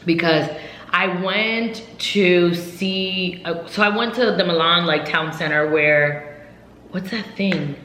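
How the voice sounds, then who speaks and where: A woman's voice: on the low side, slow. Chatty young woman in an echoey room. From United States. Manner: rambling, filler-heavy, lively retelling. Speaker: vlogger. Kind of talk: casual storytime chat. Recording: roomy echo.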